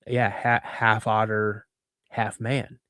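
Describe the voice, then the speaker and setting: A man quoting his serious father in a hushed, slow voice, pitched a little below his own. The sound is dry and close. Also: little pitch movement, no room sound. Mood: earnest. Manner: low, quiet and slow. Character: his stern, hushed father telling of a creature.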